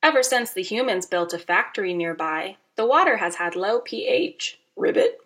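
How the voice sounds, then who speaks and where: A woman's voice: mid-range voice, expressive, moderate pace, a bit bright, pitched below the performer's own voice, natural voice. Todd the Toad, a woman doing a chirpy toad. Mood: sympathetic. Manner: chirpy, punning, croaking aside. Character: friendly male toad, gloomy about his creek.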